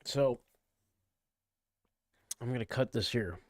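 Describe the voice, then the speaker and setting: Man, livestream host, casual rambling chat, hiccups and burps, slow pace, dry sound. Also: mid-range voice, no echo. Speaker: streamer. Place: home bedroom.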